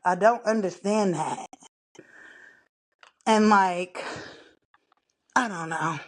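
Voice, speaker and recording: A woman with a mid-range voice hosts a podcast, speaking very slowly in a casual, indignant rant aimed straight at her listeners. She sounds exasperated and a bit out of breath because she's walking laps around her living room.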